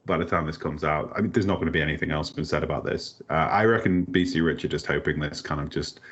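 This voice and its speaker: A man's voice: extremely low pitch, fast, a bit bright. A man co-hosting a podcast, chatting casually and joking as he rambles. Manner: joking, rambling, laughs often. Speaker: podcast co-host. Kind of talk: casual chat. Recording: slightly dull lo-fi sound.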